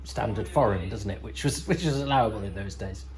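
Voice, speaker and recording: A podcast host with a fairly low, slightly mellow voice talks briskly over a TV episode. His commentary is casual and rambling, with wry asides and frequent self-corrections, and the recording quality is low.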